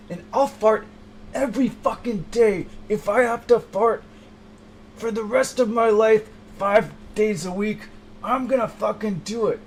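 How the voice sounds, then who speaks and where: A man sets up an improvised comedy scene with a relaxed, joking delivery. His speaking voice sits fairly high and moves around a lot in pitch. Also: slight background noise. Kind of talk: casual instructions before an improv scene.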